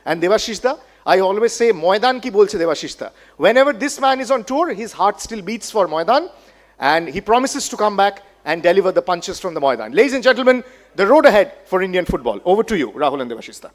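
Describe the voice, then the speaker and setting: A man hosting a conference on stage, introducing speakers with energetic, drawn-out announcements. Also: high-pitched. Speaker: event host. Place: conference hall.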